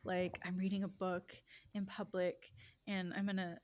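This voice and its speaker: A woman's voice: fairly low pitch, level tone, moderate pace, darkish tone. A woman co-hosting a book podcast, chatting casually and laughing often at her own jokes. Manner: giggly, self-deprecating. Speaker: podcast co-host. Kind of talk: casual chat.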